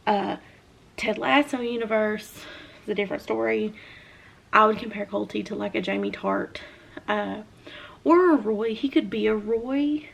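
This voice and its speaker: Gravelly-voiced Southern woman chatting casually. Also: mid-range voice, measured pace, lo-fi sound. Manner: chatty, animated hand talker with many fillers. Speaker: book reviewer. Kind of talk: casual chat.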